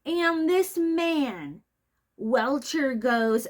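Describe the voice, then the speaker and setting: A woman's voice: fairly high pitch, animated, a little slow. A woman giving casual commentary on a trial, blunt and opinionated, talking in a loose, chatty way with plenty of fillers.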